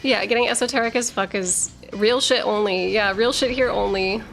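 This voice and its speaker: A woman's voice: mid-range voice, normal speed, creaky, a bit bright, faint music behind. Rambling woman streamer, slightly slurred. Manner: rambling, with many fillers and restarts, profane. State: struggling to articulate, slurring slightly. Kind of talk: casual live-stream chat, reading viewer messages.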